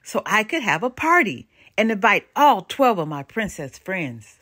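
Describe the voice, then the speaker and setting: A woman voicing a brave young princess heroine in a read-aloud children's storybook, speaking high and emphatic, calling out commands. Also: sing-song, unhurried, dry recording, studio quality. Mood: cheerful. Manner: high-pitched and emphatic, shouting orders.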